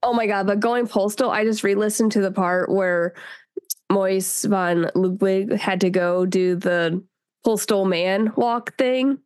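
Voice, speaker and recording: A woman's voice: mid-range voice, fairly even intonation, unhurried, a little mellow, clean tone. Playful woman teasing her co-host. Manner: playful, teasing, acts out quotes. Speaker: podcast co-host. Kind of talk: casual chat about books.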